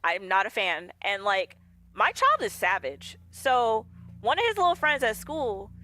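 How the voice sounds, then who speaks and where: A woman's voice: a little high, big pitch swings, unhurried, bright, forceful tone, no room sound. A woman streamer chatting casually while she plays, laughing often and acting out the lines of others in her stories. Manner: chatty, laughs often, acts out quoted dialogue. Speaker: game streamer. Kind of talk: casual storytelling while gaming. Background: faint game music.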